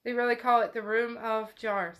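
A woman's voice: on the high side, steady tone, normal speed, fairly bright tone. A woman casually retelling a novel chapter aloud, chatty and often laughing. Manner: chatty, laughing, uses "like" a lot. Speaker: book club host. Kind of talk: casual book recap.

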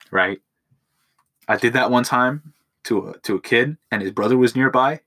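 A man's voice: mid-range voice, moderate pace, long pauses, pushed and bright. A young man hosting a podcast alone at home, rambling crudely with lots of swearing and self-mocking jokes, recorded on a phone. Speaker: podcast host. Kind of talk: casual solo podcast monologue. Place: at home in his room.

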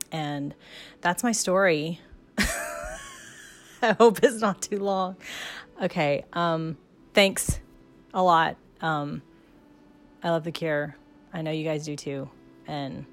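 A woman telling a heartfelt, emotional story about her first concert, laughing and trailing off softly, recorded by herself. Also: low-pitched. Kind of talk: casual storytelling, self-recorded.

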